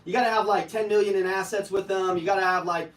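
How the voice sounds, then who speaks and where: Brief: fired-up male sales trainer, high voice, heard from a distance in an echoey room, blunt and a bit crude. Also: fairly even intonation, fast. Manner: brash, profane, fired-up coaching, bursts into shouting. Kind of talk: live motivational sales training. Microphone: online video call.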